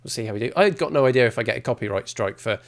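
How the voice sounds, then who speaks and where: A man's voice: mid-range voice, expressive, racing. A man giving casual, rambling gameplay commentary as a streamer, with self-mocking asides. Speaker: game streamer.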